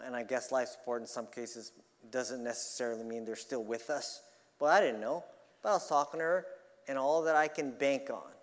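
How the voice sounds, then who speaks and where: A man preaching a sermon earnestly, swinging between loud emphasis and quiet, confiding asides. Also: medium pitch, in a large hall.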